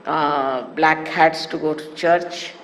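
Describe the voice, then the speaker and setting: A woman giving a spiritual talk to followers, animated and teasing with amused asides. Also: low voice, takes it slowly. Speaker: spiritual teacher. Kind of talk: sermon-style spiritual talk. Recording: echoey hall with faint hiss, archive 1989 tape.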